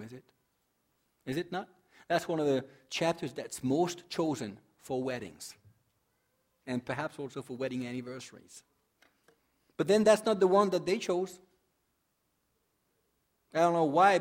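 A male pastor giving a sermon in a conversational way, asking the congregation questions, joking, and reading scripture dramatically, swelling loud and dropping soft. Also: fairly high pitch. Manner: conversational preaching with rhetorical questions and humor.

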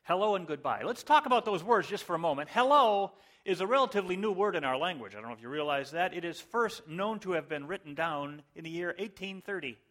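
A man's voice: high-pitched, expressive, fast, few pauses, a bit bright. A male pastor giving a conversational sermon with joking asides.

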